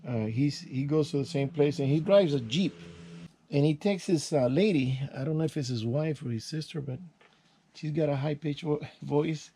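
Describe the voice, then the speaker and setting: An older man who hosts his own channel tells stories in a casual vlog while working with his hands, his relaxed, mellow tone drifting from one tale to the next. His folksy, unpolished delivery is full of restarts and sound words like "boom," with a moderate pace and a breathy edge.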